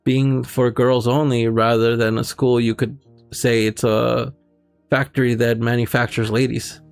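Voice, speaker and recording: Gravelly man reading a visual novel aloud. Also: mid-range voice, level tone, a little slow, soft background music. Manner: breaks off to check his stream settings. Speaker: streamer.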